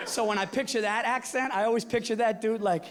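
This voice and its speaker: A male stand-up comedian performing on a theater stage, ranting with constant profanity and swinging from hushed asides to shouting. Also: very high-pitched, fairly even intonation, a little fast, some chatter behind. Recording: live audience laughter and room noise.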